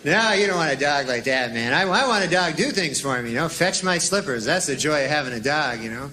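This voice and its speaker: A man doing a stand-up routine in a rambling, deadpan way, padded with "you know". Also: a little high, brisk, a faint crowd, a little hiss or hum. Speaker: stand-up comedian.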